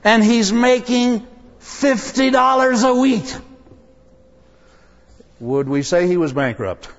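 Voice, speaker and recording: Lively joking male preacher. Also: very high voice, takes it slowly. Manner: animated, jokey, acts out voices. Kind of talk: humorous sermon storytelling. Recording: dull sound, long hall reverb.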